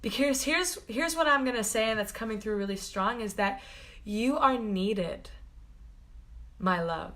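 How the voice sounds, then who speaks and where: Woman, spiritual coach on a home livestream; high-ish, bright voice, gushing and earnest. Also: unhurried. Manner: gushing, earnest, greets viewers by name. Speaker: spiritual coach hosting a live stream. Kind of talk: live-streamed spiritual talk.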